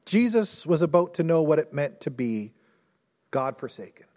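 A male pastor preaching a sermon in earnest, rising to intense storytelling and dropping low and soft. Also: big pitch swings, normal speed. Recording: long hall reverb.

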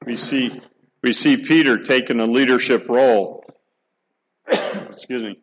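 A man's voice: mid-range voice, measured pace, slight background noise, poor audio. Earnest middle-aged male preacher. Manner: earnest, emphatic preaching with rhetorical questions; repeats words as he restarts. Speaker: pastor. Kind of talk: sermon.

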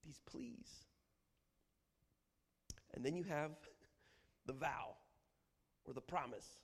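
A man with a high voice teaches on the Psalms in an animated, humorous way and acts out sample prayers. His voice rings in a long hall reverb. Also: slow. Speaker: Bible teacher.

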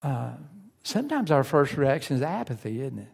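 A man's voice: mid-range voice, very animated, normal speed, creaky, a little mellow, big-room sound. A man preaching a sermon in a conversational way, asking his listeners questions and acting out their inner voices.

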